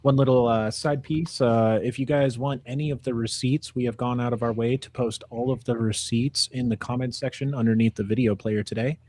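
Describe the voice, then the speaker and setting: A man's voice: medium pitch, steady tone, fairly quick, hardly any pauses, darkish tone. A man co-hosting a casual livestream, chiming in with brief, easygoing remarks. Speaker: co-host.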